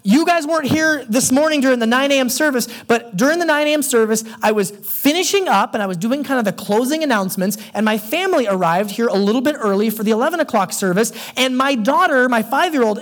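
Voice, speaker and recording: A young man preaching a sermon as pastor, telling stories in a conversational way and dropping low and quiet for emphasis.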